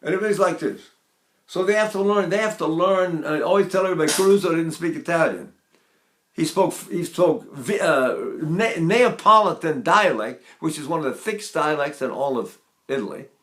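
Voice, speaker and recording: A man's voice: on the high side, expressive, brisk, fairly bright tone, echoey room, slight background noise. A man in his eighties giving an informal voice lesson, rambling a little and breaking into short sung demonstrations. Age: 80s. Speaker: voice teacher.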